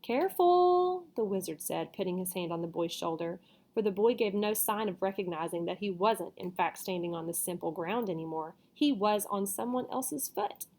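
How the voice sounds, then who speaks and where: A woman's voice: lowish voice, moderate pace, a little mellow. Woman, storybook read-aloud, casual asides, plain voice. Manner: casual asides, self-corrections. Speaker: reader.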